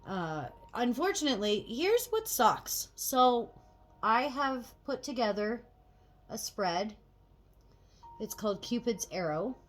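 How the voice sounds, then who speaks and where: Slow-talking woman chatting while getting ready. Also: fairly high pitch. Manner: chatty, swears freely, animated when annoyed. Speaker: tarot reader and channel host. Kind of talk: casual get-ready-with-me chat.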